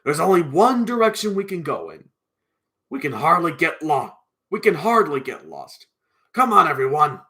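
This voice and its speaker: Storybook father figure, steady and urging everyone on, read by a male narrator. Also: fairly high pitch, normal speed, full character voice. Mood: reassuring. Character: Mister Bold, a calm take-charge father.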